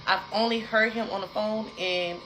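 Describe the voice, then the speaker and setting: A young adult woman casually telling a personal story to her viewers, animated and repetitive, talking straight to the audience. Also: mid-range voice, moderate pace, background noise.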